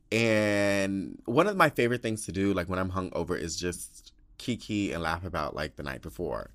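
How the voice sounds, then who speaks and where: A man hosting a casual solo podcast, telling stories in a gossipy, animated way, swearing freely and acting out quoted lines. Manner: gossipy, animated, swears a lot, acts out quotes with big pitch jumps. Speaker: podcast host. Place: home with cats.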